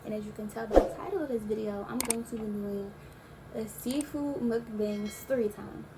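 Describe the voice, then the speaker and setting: A young woman in her early twenties chatting casually as a YouTuber, telling a storytime in a relaxed, slangy way with drawn-out asides. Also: fairly high pitch, heavy background noise. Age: young adult.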